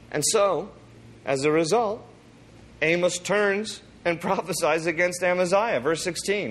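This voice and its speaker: Animated preacher man with a higher voice. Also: unhurried. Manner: animated, acts out quotes with voices. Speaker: pastor. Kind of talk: sermon.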